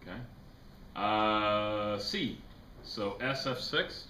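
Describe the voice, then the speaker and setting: A man's voice: lowish voice, extremely slow, sharp tone. A man teaching a chemistry class, lecturing casually, joking and quizzing his students. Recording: echoey classroom with faint noise.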